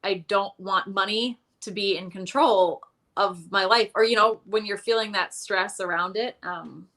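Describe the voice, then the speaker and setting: A woman's voice: mid-range voice, measured pace, a bit bright. A woman guest in casual interview chat, telling her money story candidly with a self-deprecating streak and many fillers.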